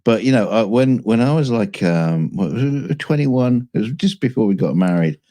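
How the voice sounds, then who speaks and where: A Scottish man with a very deep voice co-hosts a relaxed chat show. His talk stumbles and restarts as he rambles through stories, though his pitch leaps around with a lot of life. The sound is close and dry. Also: dry recording. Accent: Scottish, softened by years in England. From Scotland. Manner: halting, many restarts, chuckling. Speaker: co-host. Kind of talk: casual chat.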